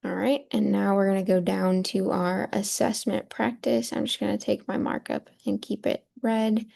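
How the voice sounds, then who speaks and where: A woman's voice: medium pitch, flat delivery, normal speed, creaky, dark tone, slight background noise. A woman teacher walking through a poem on a shared screen, patiently explaining and checking in with a rhetorical "right?". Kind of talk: screen-share lesson walkthrough.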